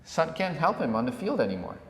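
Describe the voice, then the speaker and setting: A man co-hosting a podcast, telling a parable in a relaxed conversational way and acting out the villagers' lines. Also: fairly high pitch, fast. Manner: animated storyteller who acts out villagers. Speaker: podcast co-host. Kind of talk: conversational storytelling. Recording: echoey room with long reverb.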